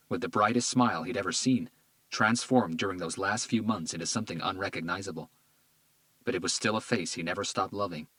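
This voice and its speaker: A man narrating a crime thriller audiobook in a measured, grave read. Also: sits low, a bit bright, dry recording.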